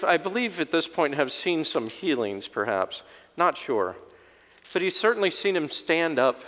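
A man's voice: medium pitch, a bit bright. A man preaching a conversational sermon as a pastor, folksy and humorous, acting out voices in his story. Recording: long hall reverb.

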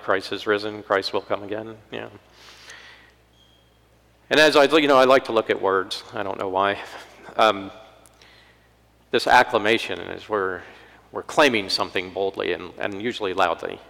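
A man's voice: on the low side, normal speed, gravelly, long pauses, pushed and bright, in a large hall, poor audio. A man preaching a conversational sermon in a church, with wry asides and acted-out quotes.

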